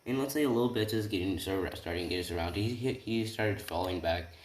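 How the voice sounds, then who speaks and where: A young man makes up a story as he goes, rambling, with frequent tag questions and self-corrections. His voice sits on the lower side and sounds distant in an echoey room. Keyboard typing clicks clearly behind him. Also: fast, a little hiss or hum. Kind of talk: improvised fan-fiction retelling.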